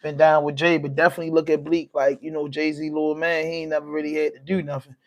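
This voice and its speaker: A man's voice: on the high side, little pitch movement, fast. A man hosting a podcast, giving casual, laid-back commentary and constantly saying "you know what I mean.". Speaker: podcast host.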